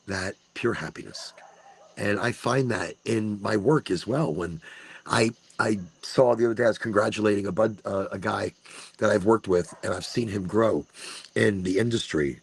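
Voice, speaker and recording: A man's voice: lowish voice, gravelly, husky. A man in his forties hosting a podcast, talking casually and swearing, acting out what he tells himself in the mirror. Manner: animated, swears, acts out his own inner talk. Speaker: podcast host. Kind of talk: casual monologue.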